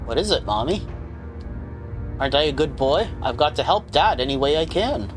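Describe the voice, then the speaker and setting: A man's voice: a little high, animated, normal speed, close to an everyday voice. A man voicing a grown man who has regressed to an innocent boy and talks in a naive, plaintive way. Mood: childlike. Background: game music.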